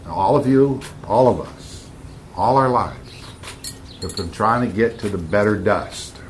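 A man's voice: fairly low pitch, a little slow, a little hiss or hum. A man giving informal Bible teaching to a group, emphatic, repeating key words and bantering with his listeners.

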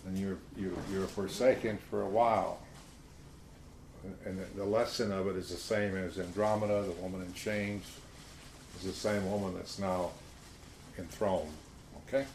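Male Bible teacher, low-pitched, conversational, scripture reading; roomy, faintly noisy recording. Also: fairly even intonation, normal speed, pauses often, a little mellow. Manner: conversational, reads scripture aloud. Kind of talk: informal Bible study teaching. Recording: roomy echo, faint hiss.

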